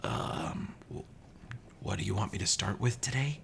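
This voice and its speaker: A man's voice: on the low side, big pitch swings, normal speed, vocal fry, a bit bright, slight background noise, exaggerated voice. A man voicing a nervous defense lawyer who whispers to his clients. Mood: hushed.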